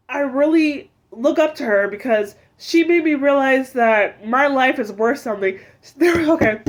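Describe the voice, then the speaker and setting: A woman in her twenties sharing an emotional personal story, heartfelt and full of "like" and "um". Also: high-pitched. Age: 20s. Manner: heartfelt, fills speech with "like" and "um".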